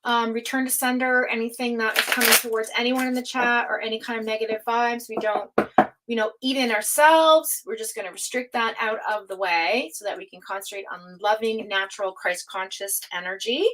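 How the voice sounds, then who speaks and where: A woman's voice: fairly even intonation, fairly quick, heavy background noise. Chatty woman reading tarot live. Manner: chatty, reads out chat names and laughs often; spiritual, speaks of energy and higher self. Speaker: tarot reader hosting a live stream. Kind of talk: casual live-stream chat and tarot reading.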